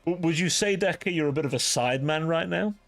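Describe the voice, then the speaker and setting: A man hosting a livestream has a voice on the high side with vocal fry, speaking a little fast over faint music. He chats casually with viewers in a rambling, profane, ranting manner, leaning hard on "like."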